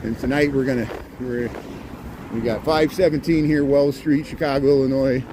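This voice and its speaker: A folksy Midwestern man in his forties rambles through a walking livestream, talking into his phone as he goes. His voice is mid-pitched and plain. Clear traffic and city noise run behind him on the wet street. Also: fairly even intonation, moderate pace. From Indiana. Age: 40s. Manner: folksy, rambling, repeats "here" and "there". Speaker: livestream host. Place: outdoors on a city street in light rain.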